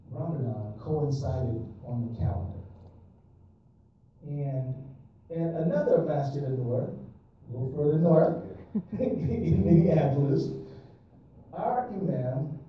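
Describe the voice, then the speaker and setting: A man's voice: mid-range voice, muffled recording, slight background noise. A man giving an emphatic public speech at a press conference, with a preacher-like cadence. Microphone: phone held in audience. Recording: distant echoey phone recording.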